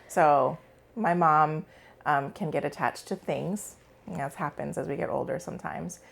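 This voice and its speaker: A woman's voice: low-pitched, measured pace, creaky. A woman in her forties, a psychologist guest, telling a personal story in a casual interview with many fillers.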